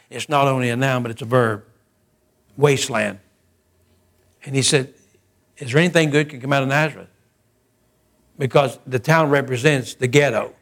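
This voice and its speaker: A male preacher tells a story in his sermon, acting out its dialogue with large swings in pitch. Faint music plays in the background of the recording.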